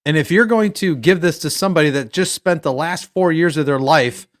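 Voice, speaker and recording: A man's voice: a little high, a little fast, dry recording, studio quality. Rambling jokey male podcast co-host. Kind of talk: casual sports chat.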